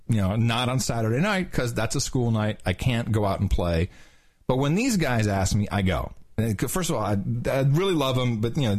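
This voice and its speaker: A man's voice: medium pitch, a little mellow. A man, hosting a podcast, telling a long story in casual chat with lots of restarts. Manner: rambling, with many restarts and quoted asides. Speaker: podcast host.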